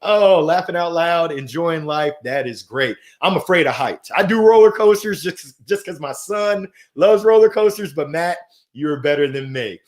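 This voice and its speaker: A middle-aged man hosting a live motivational stream, reading viewer comments aloud in an upbeat, animated way. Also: a little high, normal speed. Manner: upbeat and animated, swinging from soft to loud. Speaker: host of a weekly motivational livestream.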